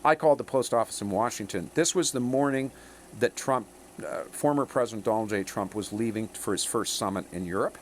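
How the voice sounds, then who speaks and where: A man's voice: lowish voice, fairly quick, a little hiss or hum. A man in a rambling monologue to viewers, emphatic and checking in with "okay?" and "eh?". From Canada.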